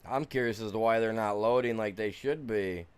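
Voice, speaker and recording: A man streaming a farming game, grumbling and muttering, then bursting out loud at the game. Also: lowish voice, moderate pace, clear, resonant tone. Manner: frustrated grumbling, swings between mutters and loud outbursts at the game; sings along off-key to music. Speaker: gaming streamer. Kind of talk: casual live-stream commentary.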